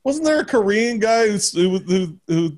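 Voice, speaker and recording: A man's voice: high voice, big pitch swings, normal speed, a little mellow. A man hosting a casual chat, joking and telling stories about his son. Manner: joking, laughing, profane banter.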